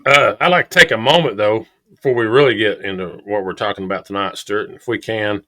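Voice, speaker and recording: A middle-aged man, co-hosting a podcast. His voice sits low but rings bright and forceful. He tells chatty stories and laughs easily. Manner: chatty, storytelling, quick laughs. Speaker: podcast co-host. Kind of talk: casual chat.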